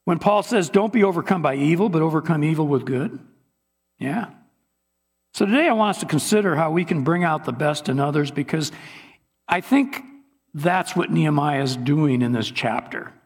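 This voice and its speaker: A man delivers a relaxed, conversational sermon, cracking wry asides to his listeners. His voice sits fairly high and carries a husky, breathy quality. The sound rings out with a long reverb, as in a church hall. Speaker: pastor.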